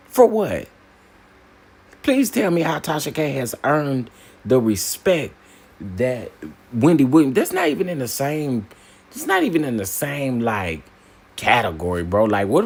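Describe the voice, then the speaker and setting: A man hosting a casual opinion commentary, emphatic and animated, repeating phrases for punch. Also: mid-range voice, normal speed, slightly rough. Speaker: commentary channel host.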